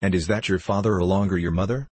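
A man voicing a fierce, hungry escaped convict who growls threats in a deep, husky voice. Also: steady tone, fast, a little mellow, no echo. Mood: menacing.

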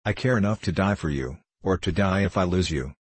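A man's voice: low voice, a little fast, husky, no echo. A man voicing a clever, calculating orphan girl in an audiobook, speaking in an imploring, intense way.

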